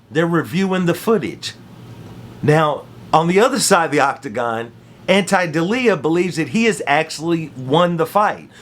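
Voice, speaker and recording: A man hosting a casual fight recap, telling the story with slang and repeated phrases. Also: fairly high pitch. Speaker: MMA commentary host.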